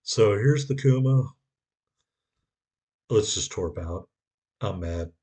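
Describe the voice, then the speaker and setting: A man's voice: fairly low pitch, lively intonation, slow, mellow, slightly rough. A man giving a sarcastic, wry voice-over commentary on his own gameplay.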